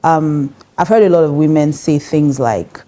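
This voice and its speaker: Low-voiced Nigerian woman pastor, emphatic. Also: moderate pace, dark tone. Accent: Nigerian English. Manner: emphatic, direct, laughs often. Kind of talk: conversational marriage teaching.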